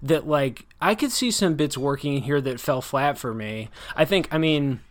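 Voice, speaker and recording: A man's voice: mid-range voice, normal speed. Rambling critical man in casual talk. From United States. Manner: critical, rambling with many restarts and hedges. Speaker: podcast host discussing a book. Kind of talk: casual book discussion.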